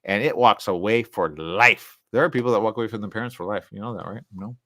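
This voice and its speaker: A man hosting a radio talk show alone, rambling in a loose, animated way, jumping into quoted voices and trailing off into mumbles. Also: lowish voice, fast, no echo, studio quality.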